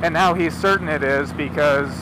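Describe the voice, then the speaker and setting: A man's voice: a little high, normal speed. A man casually retelling a myth from inside a car, rambling with chatty asides. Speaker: storyteller. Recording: car engine noise behind.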